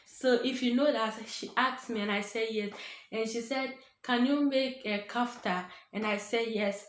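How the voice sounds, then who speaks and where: A woman's voice: fairly high pitch, slight background noise. A Ghanaian woman vlogger telling a personal story casually, acting out what others said. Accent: Ghanaian English. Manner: animated, acts out other people's voices. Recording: echoey room.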